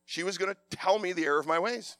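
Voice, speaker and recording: A man preaching a sermon, passionate and animated, with a loud voice. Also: high voice, fast talker, no room sound, clean studio sound.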